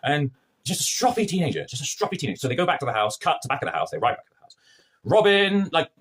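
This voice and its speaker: A man's voice: fairly high pitch, huge pitch swings, fast, a bit bright, breathy edge. A man giving a casual, sarcastic spoken review of a TV episode, acting out scenes in mocking voices. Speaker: TV review vlogger.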